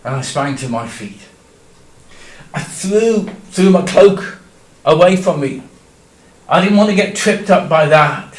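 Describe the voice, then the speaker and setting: A man telling a Bible story in the first person in a church, dramatic, swinging from loud cries to hushed tones. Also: a little high, expressive, unhurried, pauses often, a little hiss or hum. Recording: echoey church room, distant mic.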